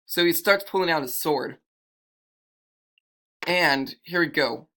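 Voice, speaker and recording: Rambling, bright-toned male storyteller. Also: fairly high pitch, takes it slowly. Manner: rambling, self-correcting. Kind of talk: improvised fantasy storytelling.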